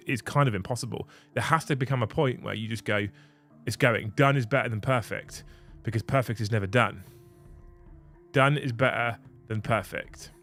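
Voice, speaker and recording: A man's voice: fairly low pitch, fairly bright tone. A man in his thirties hosting a casual livestream from his home office, earnest and rambling, often restarting his sentences. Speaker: channel host.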